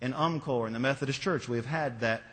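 A man's voice: medium pitch, a little fast, a bit bright. A man preaching a sermon in a church, telling a story and building his points through emphatic repetition. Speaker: pastor. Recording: long reverb of a large hall.

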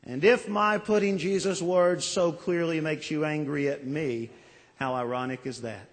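A man preaches slowly and earnestly, leaning into pleading lines and letting pauses hang. His voice sits a little high for a man. It rings out with the long reverb of a church sanctuary. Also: fairly even intonation. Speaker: pastor. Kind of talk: sermon.

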